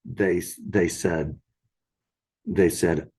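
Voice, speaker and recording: A man's voice: deep voice, animated, measured pace, long pauses, mellow, husky. A man telling a true strange story in a casual, rambling way, with frequent restarts and quoted voices. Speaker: storyteller guest.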